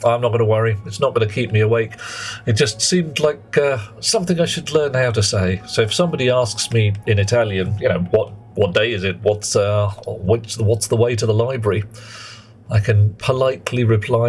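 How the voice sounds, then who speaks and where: Speaking at medium pitch and a normal speed, a man from Britain provides live gameplay commentary over soft background music. He's chatty and playful, saying hello to chat and thinking out loud.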